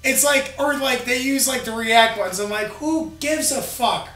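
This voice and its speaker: A man's voice: very high voice, measured pace, pushed and bright, roomy sound, recorded from a distance. A man co-hosting a casual chat, blunt and dismissive, swearing freely. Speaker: podcast co-host, group admin.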